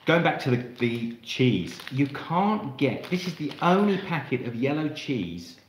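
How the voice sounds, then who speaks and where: A man's voice: mid-range voice, very animated, a little slow, roomy sound, slight background noise, low-quality recording. An Australian man hosting a live cooking stream, chatting to viewers in a rambling way while he cooks in his kitchen. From Australia, Melbourne. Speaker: cooking channel host.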